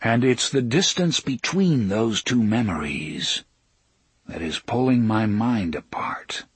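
A man's voice: lowish voice, lively intonation, slightly rough, no echo, heavily acted. Man doing a grave, weary gunslinger. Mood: troubled. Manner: slow, measured, solemn.

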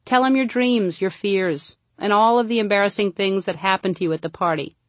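A woman's voice: mid-range voice, fairly quick, dry recording. Dry-voiced woman reading a comic audiobook. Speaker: audiobook narrator and author. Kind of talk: comedic audiobook narration.

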